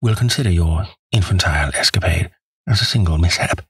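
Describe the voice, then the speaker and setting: A man voicing a sharp, cool-headed detective in an audiobook, calm and faintly teasing. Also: sits low, a little fast, breathy edge, no room sound. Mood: dry composure.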